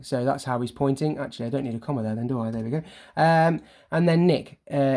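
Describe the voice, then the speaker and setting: Creaky-voiced teacher, hesitant. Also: male voice, mid-range voice, quick pace, a little mellow. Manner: hesitant, many ums and self-corrections, chatty and informal. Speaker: primary school teacher. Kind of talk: recorded remote lesson, talking through on-screen work.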